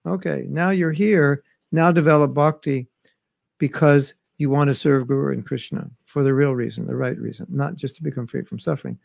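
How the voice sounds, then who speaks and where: A spiritual teacher with a mid-range, darkish voice speaks at normal speed in a steady tone with some vocal fry. He gives a scripture class conversationally, reciting verses in Bengali and Sanskrit. The dry recording was made at home during travel restrictions.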